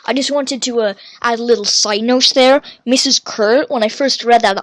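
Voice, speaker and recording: Woman, podcast host, slightly high voice, dry close sound, rambling casual reader who corrects her own slips. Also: steady tone, brisk, few pauses, a bit bright, dry recording. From Ireland. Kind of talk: casual book review with reading aloud.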